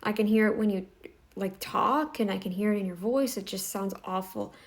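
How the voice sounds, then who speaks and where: A woman's voice: mid-range voice, normal speed. Blunt scolding woman commentator. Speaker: reaction commentator. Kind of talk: casual commentary.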